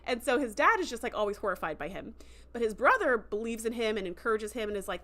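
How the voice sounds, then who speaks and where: A woman hosts a casual livestream review, walking through a story in a loose, chatty way. Her voice sits a touch high. She gets emotional and lively, and she slips into little voices whenever she acts out a quoted line. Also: fast. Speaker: host.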